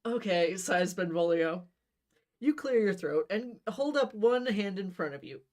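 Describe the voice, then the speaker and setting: A woman's voice: medium pitch, animated, measured pace, a little mellow. A woman reading a comic gamebook aloud in a casual, playful way, with asides and small slips. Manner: playful, laughs at own jokes, slips and restarts. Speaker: book reader.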